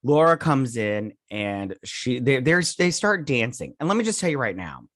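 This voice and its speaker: A man's voice: mid-range voice, big pitch swings, normal speed, fairly bright tone, no echo. Rambling male TV reviewer, dry sound. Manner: rambling, filler-heavy, paraphrasing scenes; sipping coffee early in the morning. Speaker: host reviewing a TV episode. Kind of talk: casual episode recap.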